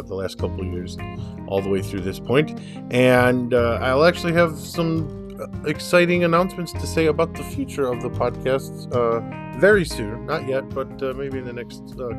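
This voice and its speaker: Guy hosting a sports podcast, rambles, lots of uhs, mid voice. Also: medium pitch. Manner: rambling, halting with many fillers. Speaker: podcast host. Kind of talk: casual sports chat.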